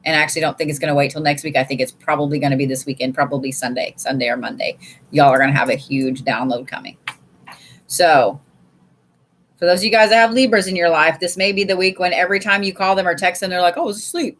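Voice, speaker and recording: A tarot and oracle card reader runs a casual live reading, blunt and chatty, cursing freely and addressing her viewers as y'all. She has a deep voice with a fairly bright tone and talks quickly.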